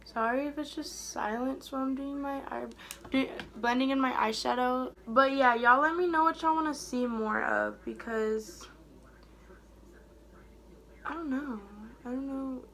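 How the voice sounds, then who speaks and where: Casting note: young female beauty vlogger, unhurried chatty delivery, gravelly fry, light room hiss behind. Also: high-pitched, fairly even intonation. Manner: chatty, rambling, trails off softly mid-thought. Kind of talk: casual get-ready-with-me chat.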